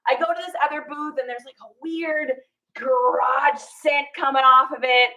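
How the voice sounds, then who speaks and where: A woman reseller telling a story in casual chat while showing her garage sale finds, animated and laughing as she acts out the people she met. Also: high voice, moderate pace, vocal fry, low-quality recording.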